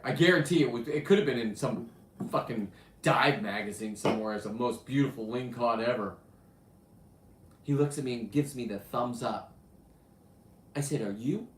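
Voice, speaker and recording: This reverberant recording has a man with a mid-range voice hosting a show. He boasts through crude, brash diving stories, his casual delivery swinging between loud bursts and mutters.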